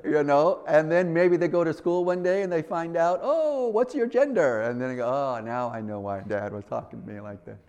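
A man's voice: mid-range voice, level tone, fairly quick, few pauses, a little mellow, smooth, muffled recording. A man preaching a sermon in an earnest way, often repeating himself and acting out little conversations.

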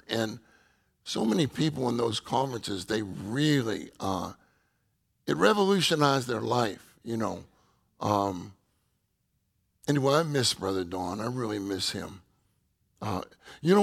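A man's voice: medium pitch, vocal fry. A man ministering at a church meeting, answering questions and telling personal stories in a reflective, conversational way with many fillers. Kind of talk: informal sermon with personal stories.

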